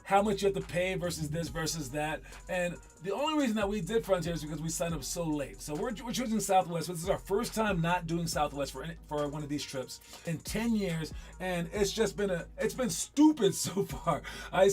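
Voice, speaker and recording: A man coaching basketball players in casual talk, animated and joking, often repeating himself. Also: fairly high pitch.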